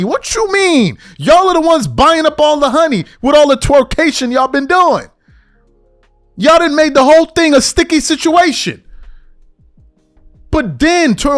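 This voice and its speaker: Animated man ranting about sports. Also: very high-pitched, a little slow, no room sound, studio quality, faint music behind. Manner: animated, mocking impressions of fans, slangy. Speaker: podcast host. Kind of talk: heated sports commentary rant.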